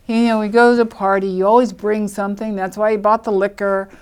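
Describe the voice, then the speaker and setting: An older woman recounts her own life story. She tells it with energy, acts out what people said and laughs often. Her voice sits at a middle pitch. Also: quick pace, clean tone. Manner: lively storyteller who acts out quoted speech and laughs often.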